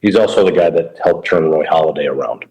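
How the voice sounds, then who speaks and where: A man's voice: a bass voice, brisk, warm tone, low-quality recording. A middle-aged man, a professional baseball coach, talking casually in an interview and telling coaching stories in a plain-spoken way. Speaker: pro baseball coach, guest.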